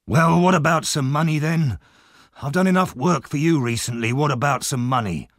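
A man voicing a rough, bad-tempered thief who is weak from illness and talks in a gruff, demanding way. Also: fairly high pitch, normal speed, no echo, studio quality, pitched above the performer's own voice, lightly acted. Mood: surly.

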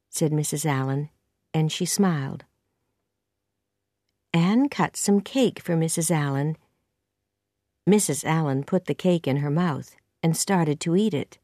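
Slow, careful woman storybook narrator. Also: deep voice, warm tone, no room sound, clean studio sound. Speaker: audiobook narrator. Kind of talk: scripted narration of a simple reader.

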